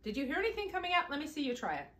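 Woman, high bright voice, upbeat children's singing leader, coaxing, roomy echo. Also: sing-song, racing. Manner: upbeat, coaxing, talks directly to young children. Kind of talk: teaching children songs and scripture.

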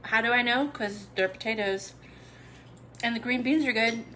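Young woman hosting a cooking vid, bright higher voice, chatty and jokey, bit of faint noise behind. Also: normal speed. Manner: chatty, upbeat, playful asides. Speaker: cooking channel host. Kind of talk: casual live video chat.

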